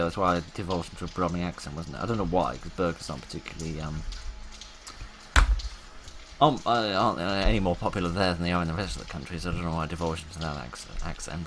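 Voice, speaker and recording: A deep-voiced man talks through a game in a wry, rambling patter, muttering to himself as he works out each step. Noise sits clearly behind his voice. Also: fast talker. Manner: wry, chatty, talks to himself while playing. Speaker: gaming YouTuber. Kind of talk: casual let's-play commentary.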